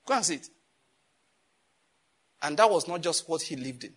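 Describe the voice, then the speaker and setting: A man preaching a sermon as pastor, animated and scolding, with jokes and sudden jumps in pitch. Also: normal speed, breathy edge.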